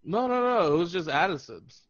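Laughing and animated, this podcast host recounts a funny story in casual conversation, acting out people's quotes. His voice is high and his pace normal, on a dry, dull-sounding recording.

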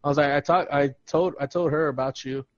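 A man's voice: a little high, steady tone, a little fast, no echo, lo-fi sound. A man co-hosting a podcast, telling stories in casual chat with quoted dialogue and frequent laughter. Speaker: podcast co-host.

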